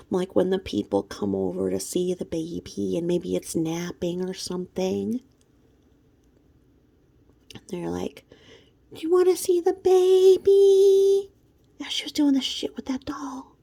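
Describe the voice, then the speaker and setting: A woman's voice: mid-range voice, vocal fry, warm tone. A woman talking in a profane, mocking gossip commentary vlog, snacking between remarks. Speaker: vlogger.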